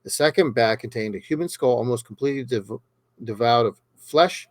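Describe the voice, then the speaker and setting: A man's voice: medium pitch, brisk, no echo. A man hosting a true crime podcast, reading the case aloud steadily with small stumbles and casual asides.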